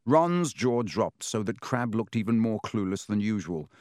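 A man narrating an audiobook in a measured, steady storytelling manner. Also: fairly low pitch, no room sound, clean studio sound.

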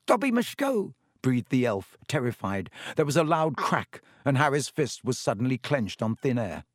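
A man narrating a story aloud as an audiobook, in an expressive storytelling manner. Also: medium pitch, normal speed, no echo, studio quality.

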